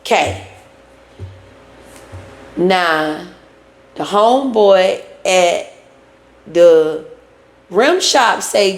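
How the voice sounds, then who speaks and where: Woman host recapping a reality show, slow drawl with gravel, plays both sides of each argument, roomy echo. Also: lowish voice, lively intonation. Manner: retells scenes acting out both sides, breaks into song. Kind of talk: casual recap commentary. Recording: echoey room.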